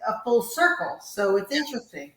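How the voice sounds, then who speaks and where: Woman host asking questions, bit higher voice, roomy echo. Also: lively intonation, normal speed, fairly bright tone. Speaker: podcast host. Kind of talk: casual interview.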